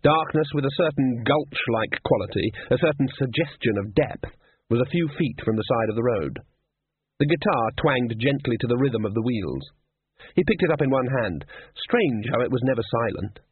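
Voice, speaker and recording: A man's voice: mid-range voice, normal speed, breathy edge, no room sound. Man narrating a storybook, tinny sound. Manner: steady reading, voices each character. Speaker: audiobook narrator. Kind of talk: scripted narration. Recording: tinny narrow-band audio.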